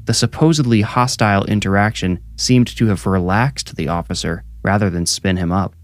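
A man narrating a scripted horror story in a measured, steady way. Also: on the low side, no echo.

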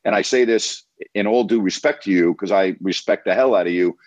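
A male sports radio host gives a caller blunt, repetitive advice in an emphatic, lecturing tone. His voice sits a bit low. The sound is dry and dull. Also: a little fast, darkish tone, no echo. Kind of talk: coaching a caller on air.

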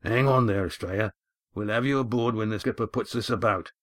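A man putting on a calm, steady sailor with a plain, low delivery, close to the narrator's own deep voice. It is recorded dry and close, like an audiobook. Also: fairly quick, dry recording, natural voice.

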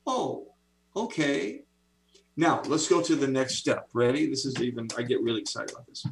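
A man's voice: mid-range voice, quick pace, creaky, rough recording. A man in his seventies telling stories with enthusiasm as an interview guest on a video call. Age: 70s. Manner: enthusiastic, animated storyteller. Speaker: author and speaker, interview guest. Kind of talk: interview storytelling.

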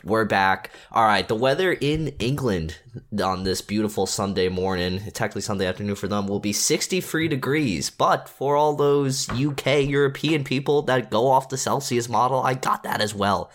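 A man's voice: medium pitch, normal speed. A man appearing as a podcast's joking weatherman, giving a playful mock forecast and sports trivia. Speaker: guest weatherman. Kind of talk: casual podcast chat.

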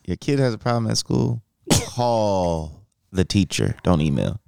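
A woman's voice: a bass voice, very animated, a little slow, gravelly, noisy background. A woman giving blunt, emphatic advice in a casual podcast chat.

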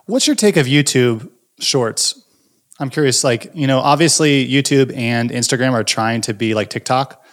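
A man's voice: medium pitch, moderate pace. Man casually asking curious questions. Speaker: podcast host. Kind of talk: podcast conversation.

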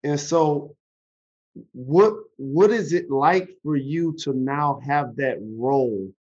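A man's voice: mid-range voice, darkish tone, lo-fi sound. A man hosting a podcast interview, asking questions and speaking earnestly about his own losses. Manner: slow, deliberate, earnest. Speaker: podcast host, former pro athlete. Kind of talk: interview questions and personal reflection.

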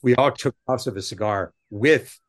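A middle-aged man, a guest author on a podcast, chatting casually and telling animated stories with rambling asides. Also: medium pitch, moderate pace. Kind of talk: casual interview chat.

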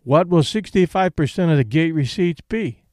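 A man's voice: a little high, expressive, moderate pace, darkish tone, no room sound, studio quality, lightly acted. A man reading aloud and voicing a sullen young prizefighter who speaks bluntly and curtly. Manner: blunt and curt.

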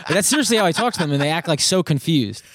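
A man's voice: on the high side, animated, fast talker, background noise. A man chatting casually on a podcast as a comedian guest, rambling and laid-back as he tells stories.

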